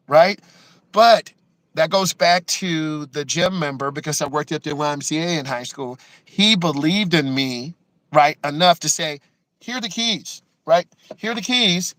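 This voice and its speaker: Bright-voiced man telling emotional stories. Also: on the high side, no echo, low-quality recording. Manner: emotional, acts out quotes with many "right?" asides. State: emotional, close to tears. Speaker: driving instructor. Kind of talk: personal storytelling to the camera.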